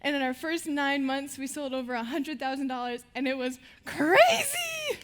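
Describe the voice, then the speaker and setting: A woman's voice: high-pitched, flat delivery, brisk, very noisy. A teenage girl giving a stage talk to an audience, telling her stories in a bubbly way and laughing between lines. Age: teens. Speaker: student speaker on stage. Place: stage before a live audience.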